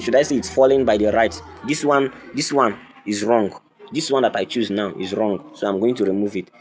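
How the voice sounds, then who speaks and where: Low-voiced man teaching code step by step. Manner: teacherly, repeats points and asks "can you see". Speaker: coding tutorial host. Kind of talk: screen-recorded tutorial walkthrough.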